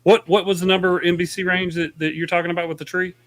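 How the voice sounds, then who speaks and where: A man's voice: sits high, level tone, quick pace, fairly bright tone. Hesitant man asking a question. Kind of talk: casual chat.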